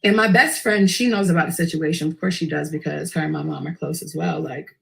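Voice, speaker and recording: A woman, telling a personal story in a profane, intense and animated way. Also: deep voice, fast, gravelly. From Queens, New York. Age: early 20s.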